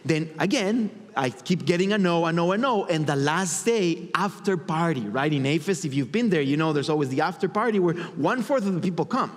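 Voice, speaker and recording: Brief: male motivational speaker, fairly high voice, lively storyteller on stage, long hall reverb. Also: fairly quick, few pauses. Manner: animated, acts out his inner voices.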